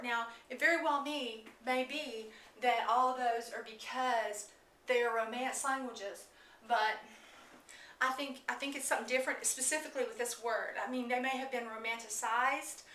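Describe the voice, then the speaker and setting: A woman's voice: a little high, sharp tone, slight background noise. A woman giving an informal lesson on word origins, chatty, with many fillers and restarts. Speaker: teacher. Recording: echoey room, mic at a distance.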